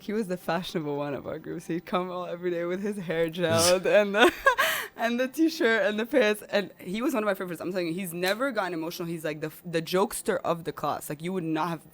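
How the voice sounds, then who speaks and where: A woman's voice: on the low side, fast talker. Emotional woman telling a heartfelt story. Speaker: guest. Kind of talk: personal storytelling in a podcast chat.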